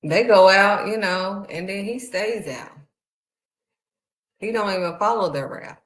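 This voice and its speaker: A woman's voice: mid-range voice, a little slow. A woman, preaching a sermon in a heartfelt, conversational way. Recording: echoey room.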